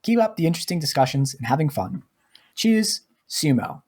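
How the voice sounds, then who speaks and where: A man voicing a cheerful Australian podcast fan in a put-on Australian accent, with a breezy, drawn-out delivery. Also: a little high, very animated, darkish tone, husky, pitched above the performer's own voice. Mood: cheery.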